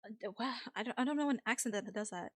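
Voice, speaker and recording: A woman's voice: on the high side, rapid-fire, no echo, clean studio sound. A young woman streamer chatting casually with her viewers, rambling with lots of fillers and frequent laughs.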